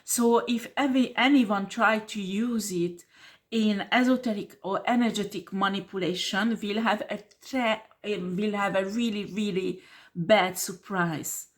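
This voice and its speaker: Speaking unhurriedly in a steady, mid-range voice, a woman gives a tarot reading straight to camera. Her style is blunt and confrontational, with swearing, scornful laughter, and repeated checks like "do you understand?" and "okay?"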